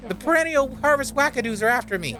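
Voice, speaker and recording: A man voicing a panicky, excitable young boy in a game, urging his friend to stay away. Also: extremely high pitch, fast, voice pushed up. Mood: frantic. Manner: panicky, urgent.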